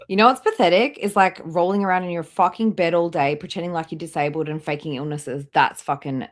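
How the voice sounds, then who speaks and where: A woman's voice: lowish voice, a little fast. A woman hosting a live stream, mocking and swearing as she comments on clips in a casual, blunt way. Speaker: livestream host reacting to clips.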